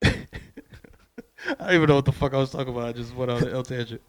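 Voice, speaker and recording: A young man telling animated, profane stories on a podcast, wandering off on tangents. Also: mid-range voice, rapid-fire, smooth. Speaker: podcast guest. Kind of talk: casual podcast chat.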